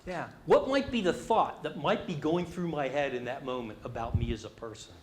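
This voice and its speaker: A man's voice: medium pitch, moderate pace, a little hiss or hum. A middle-aged man presenting a leadership workshop, speaking with animation and asking the audience questions. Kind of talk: interactive leadership workshop talk.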